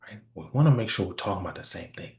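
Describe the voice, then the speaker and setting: Man, sales trainer, low voice, conversational, roomy echo. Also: animated, rapid-fire, darkish tone. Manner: conversational, asks rhetorical "right?" often. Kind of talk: workshop presentation.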